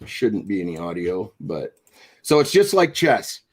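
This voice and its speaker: A man's voice: lowish voice, big pitch swings, unhurried, husky. A man hosting a casual video-call chat, telling rambling stories and laughing often. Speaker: podcast host.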